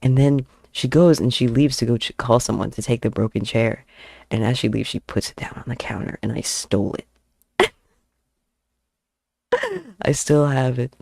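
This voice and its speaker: Gravelly young man rambling and giggling. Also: medium pitch, big pitch swings, moderate pace, long pauses, a little mellow, no room sound, clean studio sound. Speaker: artist streamer. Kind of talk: casual chat while drawing. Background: faint background music.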